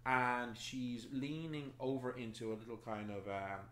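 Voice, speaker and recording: A man narrating a tabletop game as game master, pausing often with ums as he describes scenes. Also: medium pitch, steady tone, fairly bright tone, roomy sound. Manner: hesitant, many ums while describing scenes.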